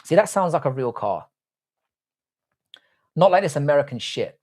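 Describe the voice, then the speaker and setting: Brief: young male livestream host, animated and bouncy pitch, crude teasing banter full of swearing, casual desk-mic talk. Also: normal speed. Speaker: livestream host reading chat. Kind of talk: casual live stream banter.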